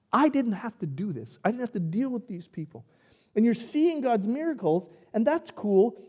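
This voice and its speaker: A man preaching a sermon in a conversational, animated way, acting out quoted lines. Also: high-pitched. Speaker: pastor.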